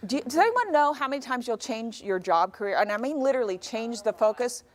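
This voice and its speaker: A woman in her forties, a guest speaker talking to a high school class in a classroom. She tells stories lively and acts out the dialogue. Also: quick pace. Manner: animated storyteller, acts out dialogue.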